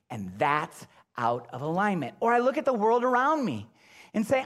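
A middle-aged man preaching a sermon as pastor, swinging between loud emphatic bursts and low hushed lines. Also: big pitch swings, moderate pace.

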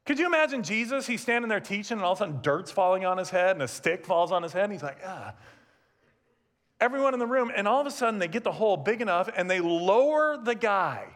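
A man preaching a sermon, telling a story in an animated way with humorous asides. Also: high voice, fast, few pauses. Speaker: pastor. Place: church sanctuary, also streamed.

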